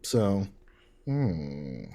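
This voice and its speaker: Man, player, slow pace, lively up-and-down pitch, easygoing. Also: slightly rough. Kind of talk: casual tabletop play.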